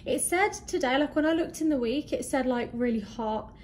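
A bubbly young woman in her twenties, speaking a little higher than most, chats through a casual travel vlog. She is slightly out of breath and gushes over everything she shows. A faint hiss of background noise sits under her voice. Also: moderate pace. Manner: chatty, bubbly, easily excited. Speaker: vlogger. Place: hotel room in hot weather.

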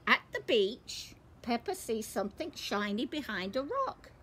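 A woman from a nursery, reading a picture book aloud to young children, in a warm sing-song manner with questions to the listeners. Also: on the high side, big pitch swings, a little slow, slightly rough.

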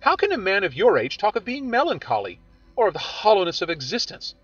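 A man voicing a frank, teasing young woman who questions briskly and speaks in a bright, bossy way. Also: high-pitched, huge pitch swings, husky, no room sound, pitched above the performer's own voice, exaggerated voice. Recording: dull audio with faint music.

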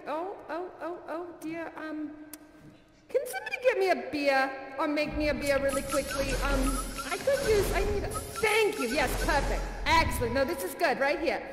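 Brief: breathless, effusive female dancer host of a variety show; high-pitched, with a reverb-heavy room behind her. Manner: gushing, breathless, giggly. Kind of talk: live virtual reality theater performance. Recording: echoey hall with faint music.

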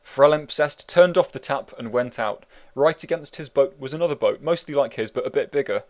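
A man who wrote the book, reading it as an audiobook narrator in a wry, meandering, deadpan way. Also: mid-range voice, fairly quick.

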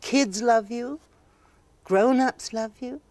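Mellow-voiced female TV interviewer. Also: on the high side, dry recording. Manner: probing, brisk questions. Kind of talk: broadcast interview. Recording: TV studio interview from 1983.

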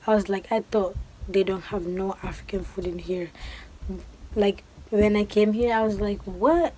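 A woman's voice: mid-range voice, normal speed, low-quality recording. A woman in her twenties from Guinea, chatting casually to camera and acting out the exchanges she tells about. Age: 20s. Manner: animated storytelling, acting out quoted exchanges. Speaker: vlogger. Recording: faint background noise.

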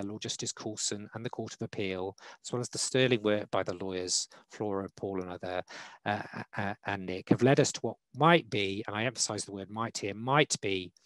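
Measured low-voiced man, dry sound. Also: no echo, low-quality recording. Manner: measured, hesitant with many fillers. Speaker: panelist, law academic. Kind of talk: formal panel talk. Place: online webinar. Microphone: video call.

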